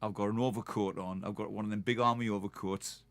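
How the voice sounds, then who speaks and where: A man's voice: fairly low pitch, fairly even intonation, fast talker, dry recording. A man with a Geordie accent, hosting a live stream and chatting in a rambling, self-mocking way to his viewers. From North East England. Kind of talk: casual chat to viewers.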